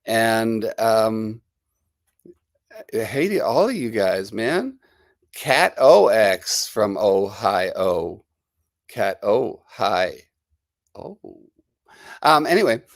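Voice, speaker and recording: A man's voice: on the low side, dry recording. Middle-aged New Jersey guy hosting a livestream, rambling and chatty, nursing a cold, dry close sound. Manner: chatty and rambling, greeting viewers. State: has a lingering cold. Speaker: livestream host. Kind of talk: casual live-stream chat.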